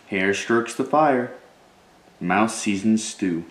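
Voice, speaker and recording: A man reading a picture book aloud in a lively storytelling way, voicing sound words with relish. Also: fairly low pitch, slow. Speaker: reader. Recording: echoey room.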